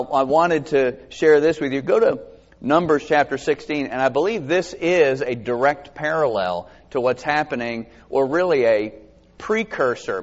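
A man preaching a conversational sermon to a congregation, reading scripture aloud and asking them questions. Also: mid-range voice. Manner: animated, expressive, asks the congregation questions. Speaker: pastor. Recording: dull sound with long hall reverb.

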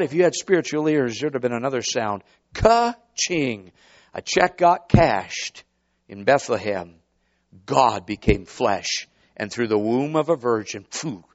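A man's voice: on the high side, muffled recording. A man preaching a sermon, dramatic and rhetorical, calling out to the congregation. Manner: dramatic, swooping, rhetorical, call-and-response.

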